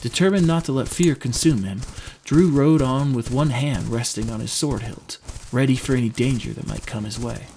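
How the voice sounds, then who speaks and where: A man narrating a fantasy audiobook in an expressive storytelling manner. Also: medium pitch, normal speed, gravelly, slight background noise.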